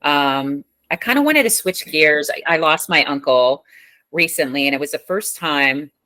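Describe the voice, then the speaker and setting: Woman podcast host, bright, dry close mic, reflective. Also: low voice, lively intonation, dry recording. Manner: reflective, thoughtful, pauses with fillers. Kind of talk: reflective interview talk.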